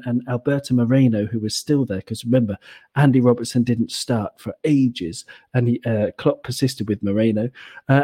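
Husky, mellow-voiced podcast host man. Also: medium pitch. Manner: hesitant, many fillers and restarts. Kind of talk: casual football podcast chat.

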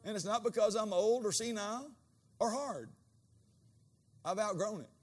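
A man with a high voice for a man preaches a sermon. His delivery swings from quiet, low asides to loud, ringing bursts. He acts out quoted dialogue in changed voices. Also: normal speed. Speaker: pastor.

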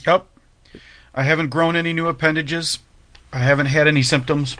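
A man's voice: fairly high pitch, steady tone, moderate pace, sharp tone. A man co-hosting a radio talk show, giving short, easygoing replies. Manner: laid-back, short replies, laughs easily. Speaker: co-host. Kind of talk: casual on-air chat.

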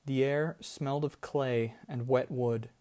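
A man reading a story aloud in a calm, measured way. His pace is slow and deliberate, and his voice is mellow and warm. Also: medium pitch. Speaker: audiobook narrator. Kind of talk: scripted story narration.

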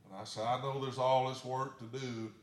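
A man's voice: mid-range voice, level tone, normal speed, roomy sound. A man, a pastor telling a story in a sermon in a plain, folksy way. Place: church sanctuary.

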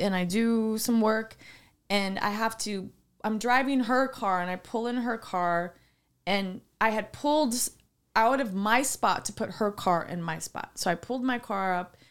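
Female podcast co-host, slightly high voice, lively storyteller who acts out the dialogue. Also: clear, resonant tone. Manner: animated, laughing, acts out quoted voices. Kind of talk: casual storytelling chat.

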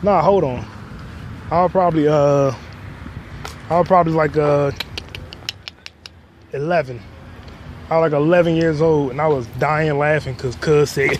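A young man hosting a podcast outdoors on a city street, rambling in a deadpan, joking way, swearing freely and coughing with a cold. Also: a little high, normal speed, long pauses. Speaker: podcast host. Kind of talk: casual solo monologue. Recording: street noise clearly audible. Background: passing cars and street noise.

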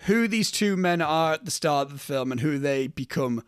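A man in casual podcast chat, his voice leaping up and down as he talks. He is jokey and animated, and he sounds dry and close to the mic with no room around him. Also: fairly high pitch, normal speed, clean tone, no echo. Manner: animated, jokey, slips into film-quote impressions. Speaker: podcast co-host.

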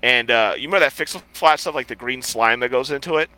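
A man's voice: mid-range voice, fast, sharp tone, no room sound, rough recording. A man co-hosting a casual podcast who tells stories animatedly, acts out the people in them, swears and laughs often. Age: adult, past college. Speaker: podcast co-host. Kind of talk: casual chat, storytelling.

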